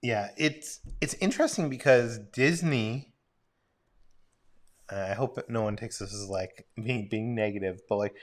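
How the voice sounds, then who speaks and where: A man's voice: lowish voice, a little slow. A man co-hosting a casual livestream, rambling in an easygoing way and reading out viewer questions. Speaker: co-host.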